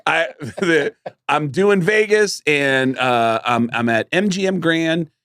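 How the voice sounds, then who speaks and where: A man's voice: a little high, takes it slowly, smooth, no room sound, studio quality. A male comedian hosting a podcast, telling stories casually and acting out voices. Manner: animated, acts out voices in stories. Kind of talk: casual storytelling chat.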